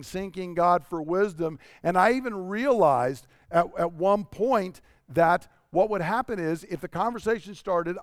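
A male pastor delivering a sermon in a chatty, storytelling manner. His voice sits a bit high for a man. The sound is dry and close, and he often turns to the congregation with rhetorical questions. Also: clean tone, dry recording.

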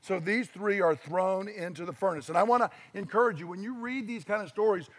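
A middle-aged pastor delivers a lively sermon. His voice sits fairly high for a man, and he tells the story with animated, acted-out voices. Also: a little fast, big-room sound.

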